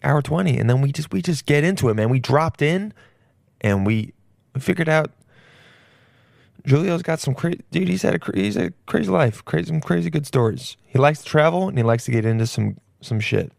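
A man's voice: on the high side, lively intonation, fairly quick, vocal fry, darkish tone, dry recording, clean studio sound. A young man hosting his podcast and introducing a guest in loose, rambling casual chat full of profane, jokey asides. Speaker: podcast host and comedian.

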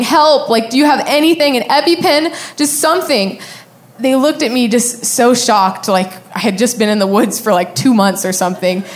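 Her voice sits at a medium pitch as she shares a personal anecdote in a relaxed way. She's frank and profane, and frequent laughter runs through her telling.

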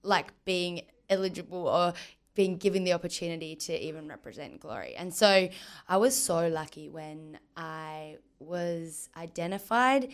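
A woman, a football captain telling her story in a casual interview, animated and full of "like". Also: fairly low pitch, moderate pace, clean tone. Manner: animated, lots of "like", acts out quotes.

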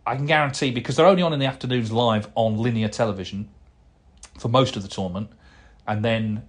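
A man's voice: mid-range voice, fast talker. A middle-aged man hosting a casual solo podcast, rambling and chatty with plenty of fillers and restarts as he answers listener emails. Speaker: podcast host.

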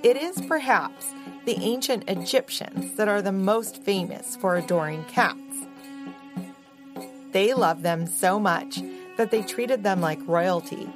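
A woman co-hosting a podcast, narrating a children's story in a slow, expressive and playful way. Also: mid-range voice. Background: music.

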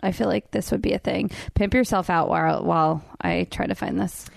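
A woman's voice: lowish voice, fairly quick, gravelly, no room sound, clean studio sound. A woman hosting a podcast, chatting casually and playfully, laughing often. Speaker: podcast host. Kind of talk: casual chat.

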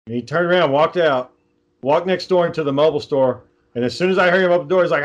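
A man's voice: on the high side, fast. Rambling casual-talking man. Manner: rambling storyteller, many fillers and restarts. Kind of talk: casual chat.

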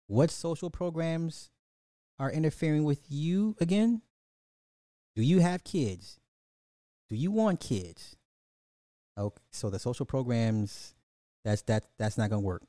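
A man's voice: medium pitch, unhurried, long pauses, no echo, studio quality. Profane, fired-up man ranting on a podcast. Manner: profane, animated, repeats and restarts a lot; talks straight to the audience, laughs at his own points. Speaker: podcast host. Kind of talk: live-stream social commentary rant.

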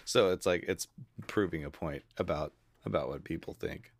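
A middle-aged man with a very deep voice talks casually on a podcast. His sound is dry and close. He tells anecdotes and puts on other people's voices as he quotes them. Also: normal speed, dry recording. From United States. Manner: animated storyteller, acts out quoted voices. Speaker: podcast co-host. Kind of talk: casual conversation.

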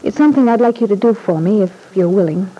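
A wry young mother in a vintage radio soap, mellow-toned and self-deprecating. She covers weariness with dry, quick humor. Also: mid-range voice, lively intonation, slightly rough, low-quality recording. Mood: weary.

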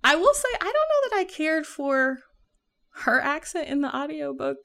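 A woman's voice: sits high, sing-song, normal speed, vocal fry, a bit bright. A woman from the American South with a Southern accent, chatting casually about a book she read, rambling with lots of fillers and laughing often. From Southern United States. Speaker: podcast co-host reviewing a book. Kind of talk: casual chat.

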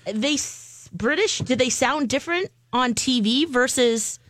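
A woman co-hosting a radio talk show, thinking aloud in a halting way. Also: high voice, lively intonation, a bit bright, dry recording, clean studio sound. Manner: thoughtful, halting, restarts sentences. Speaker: radio co-host. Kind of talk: casual chat.

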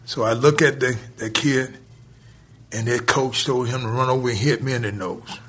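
A man's voice: mid-range voice, fairly even intonation, fairly bright tone, breathy edge. A man telling a long personal story as a podcast guest, with lots of "he said" and "I said.". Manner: drawn-out storytelling with repeated "he said".

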